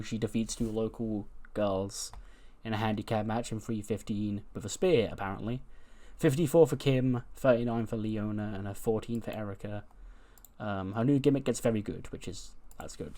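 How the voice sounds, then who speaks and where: A man's voice: mid-range voice, darkish tone. Brief: casual male let's-play host, chatty, loose, full of fillers. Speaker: game commentator.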